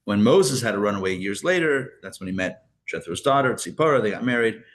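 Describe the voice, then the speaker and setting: A man's voice: on the low side, animated, a little fast, fairly bright tone. A man teaching a live Torah class as a rabbi, chatty and full of fillers and restarts, with joking asides.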